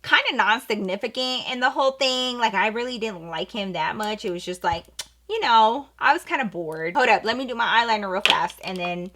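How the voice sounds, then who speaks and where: A woman in her twenties casually telling a story while doing her makeup, animated and slangy, swinging from hushed asides to loud bursts. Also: on the high side, brisk. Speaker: vlogger.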